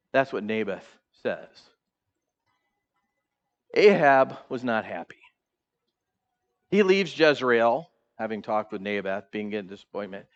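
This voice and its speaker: In a church sanctuary, a male pastor delivers an animated sermon, voicing the characters and posing questions to the congregation. His voice is mid-range, and the sound quality is lo-fi.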